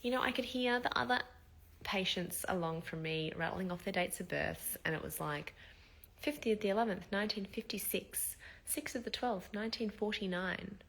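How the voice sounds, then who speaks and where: Bright-voiced woman telling her story. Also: medium pitch, normal speed, creaky. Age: 30s. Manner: candid, emotional storytelling with swearing and fillers. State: short of breath, recovering after surgery. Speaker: vlogger. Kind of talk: casual personal vlog.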